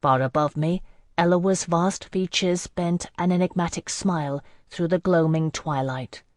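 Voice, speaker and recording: A woman narrating a fantasy novel in the first person, in a measured, even storytelling manner. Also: fairly low pitch, dry recording, clean studio sound. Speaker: audiobook narrator.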